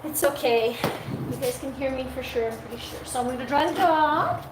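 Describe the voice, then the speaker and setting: Speaking fairly quickly in a high-sitting voice, a woman runs a live stream while grooming a dog, chatting casually with the audience and cooing at the animal between comments. The sound comes from the device mic rather than her own unconnected one, indoors in an echoey space with background noise.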